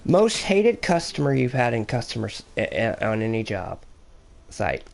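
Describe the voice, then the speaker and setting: A young man chats on a casual podcast, rambling from one story to the next with animated bursts. His voice carries a gravelly edge. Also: mid-range voice, moderate pace. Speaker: podcast host. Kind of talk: casual chat.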